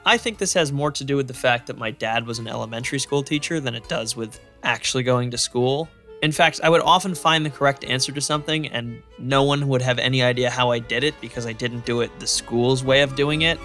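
A young man hosting a podcast, narrating in an animated, opinionated way. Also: mid-range voice, brisk, few pauses, soft background music. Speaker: podcast host.

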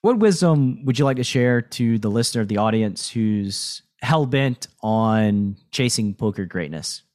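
A man's voice: medium pitch, animated, unhurried, a little mellow. A man hosting a podcast interview in a reflective, coaching tone, often checking in with "right?". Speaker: podcast host. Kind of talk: casual interview chat.

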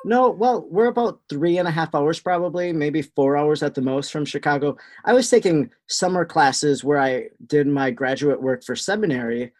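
A man with a Wisconsin accent, a guest answering in a steady, explanatory way. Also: a little high, moderate pace, hardly any pauses. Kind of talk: casual interview answers.

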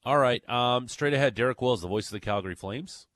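A man's voice: medium pitch, fairly quick, a bit bright, no echo, clean studio sound. A man hosting a sports talk radio show, bantering with co-hosts and plugging upcoming segments in an upbeat way. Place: radio studio.

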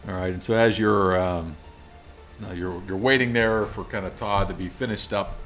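A man's voice: low-pitched, steady tone, normal speed, a bit bright, faint music behind. A man narrating a tabletop game as game master, easygoing and hesitant, with many ums. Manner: easygoing, hesitant, laughs at own jokes.

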